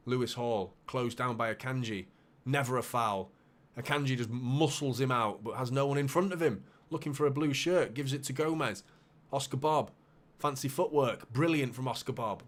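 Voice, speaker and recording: A man hosting a live football watchalong, calling the play with bursts of excitement and muttered asides. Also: medium pitch, moderate pace, few pauses. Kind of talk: live match commentary for a fan watchalong.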